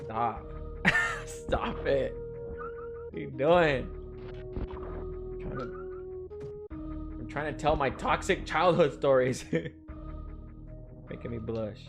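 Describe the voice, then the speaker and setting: A man's voice: mid-range voice, huge pitch swings, takes it slowly, gravelly, long pauses. Rambling young man telling stories, music behind. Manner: rambling, swears freely, laughs through stories. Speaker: streamer. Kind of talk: casual storytelling while gaming.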